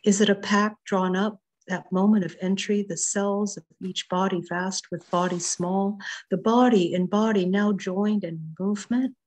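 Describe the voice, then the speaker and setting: A woman reading her own poems over a video call in a slow, measured way. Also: mid-range voice, fairly even intonation. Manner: slow, measured, softly rising and falling reading. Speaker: poet reading her work.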